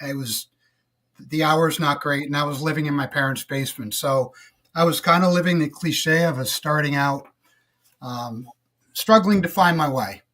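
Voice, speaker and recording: Man, middle-aged, podcast guest, slightly high voice, relaxed, reflective, lots of fillers. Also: moderate pace. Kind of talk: casual interview storytelling.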